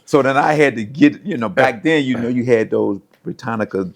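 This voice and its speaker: A man's voice: medium pitch, fairly quick, creaky. A middle-aged American man, a former pro football player, telling stories from his life and acting out the voices of the people in them. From United States. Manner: animated storyteller, acts out quoted voices. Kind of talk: casual storytelling.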